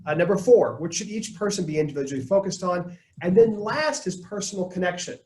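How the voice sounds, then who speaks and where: A man presenting a live leadership webinar, coaching his audience in an energetic tone and acting out the lines he quotes. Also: high-pitched, fairly quick, reverberant, poor audio. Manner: energetic, coaching tone, quotes people in put-on voices.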